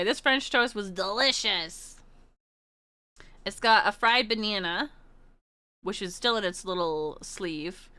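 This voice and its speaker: A woman's voice: mid-range voice, bright, forceful tone, clear, resonant tone, no room sound. A woman from Canada telling a rambling travel story as a streamer, giggling often and restarting her sentences. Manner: giggly, laughs often while talking; rambling, with many restarts and asides. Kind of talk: casual storytelling.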